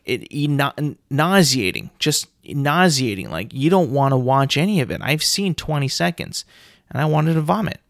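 A man on his podcast mic, ranting with loud, swearing exasperation. His voice swings widely up and down as he riffs. The sound is close and dry, with no room echo at all. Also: mid-range voice. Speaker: podcast host. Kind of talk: solo comedic rant.

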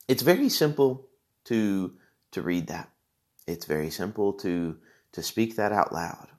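A man's voice: on the low side, darkish tone. A man preaching a sermon, explaining scripture earnestly and posing questions to his listeners before answering them.

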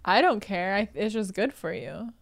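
A woman's voice: mid-range voice, expressive, normal speed, creaky. A woman chatting on a podcast as a guest, teasing and laughing often. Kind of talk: casual podcast chat.

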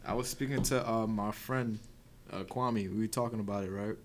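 A man's voice: on the low side, fairly even intonation, normal speed, background noise. A man, co-hosting a podcast in casual chat, telling stories loosely with restarts and swearing. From New York. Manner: storytelling, rambling with restarts and swearing. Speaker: podcast co-host.

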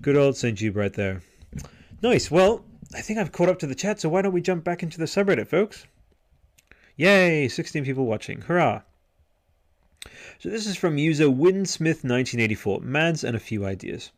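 A man's voice: a little high, very animated, a little fast, darkish tone. A man hosting a podcast livestream, chatting casually and rambling with lots of fillers and restarts. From Australia. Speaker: podcast host. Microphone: headset microphone.

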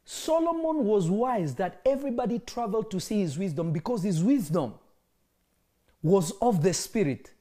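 A woman's voice: mid-range voice, lively intonation, normal speed, mellow. A woman teaching scripture, pressing her listeners with questions and laughing often. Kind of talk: interactive Bible teaching.

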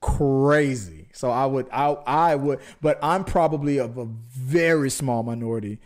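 A man's voice: medium pitch, a little slow, darkish tone. Rambling man co-hosting a chat show. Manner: rambling, many restarts, laughs at himself. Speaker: podcast co-host. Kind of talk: casual chat.

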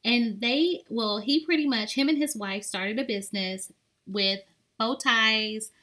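A woman co-hosts a podcast, her voice a little high, pushed, and bright, at a measured pace. Her casual chat rambles along, packed with "like" fillers.

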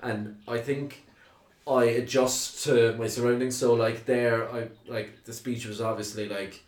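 A man's voice: mid-range voice, little pitch movement, unhurried. Young cork guy rambling on a podcast, lots of likes and ums, bit of echo. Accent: Cork Irish. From Ireland. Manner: rambling storyteller, lots of fillers. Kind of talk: casual podcast chat. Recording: roomy echo.

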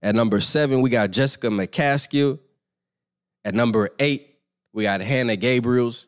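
A man hosting a casual live boxing stream, talking straight to his viewers in an animated, slangy way. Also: mid-range voice, moderate pace. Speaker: boxing podcast host.

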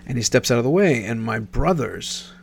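A man's voice: mid-range voice, animated, moderate pace, creaky, slight background noise. A man in his thirties, from Nebraska, rambling through a casual personal story and often correcting himself mid-sentence. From Nebraska, USA. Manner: rambling, self-correcting, many restarts.

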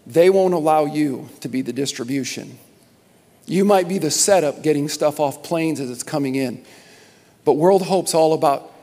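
A man preaching as pastor to his congregation, impassioned, repeating words and rising to loud emphasis. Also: a little high. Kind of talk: sermon announcements to a congregation. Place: large church sanctuary. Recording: long hall reverb.

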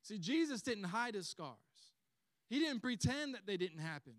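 A man preaching a sermon as pastor. He tells the story in an animated way and chuckles often. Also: high voice, moderate pace, no echo.

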